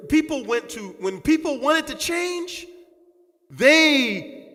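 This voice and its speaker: A male Islamic teacher giving a conversational, animated mosque lecture, repeating points with asides to the audience. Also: sits high. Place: large mosque hall. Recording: long mosque-hall reverb.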